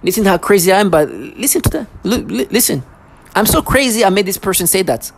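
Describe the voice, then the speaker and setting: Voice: mid-range voice, lively intonation, fast talker, creaky. A vlogger speaking in a rambling personal monologue, agitated and repetitive, with frequent stammering restarts.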